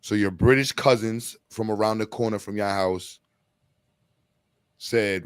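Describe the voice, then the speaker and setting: A man's voice: fairly low pitch, steady tone, a little slow, pauses often, smooth, no room sound. A man hosting a podcast, ranting in a blunt, profane, slangy way. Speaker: podcast host. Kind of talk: heated casual rant.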